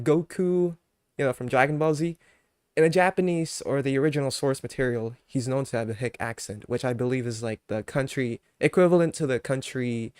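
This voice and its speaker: A man's voice: mid-range voice, a little mellow, smooth, no echo, clean studio sound. Laid-back rambling streamer man. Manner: laid-back, rambling, many fillers, quick to laugh. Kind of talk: casual chat.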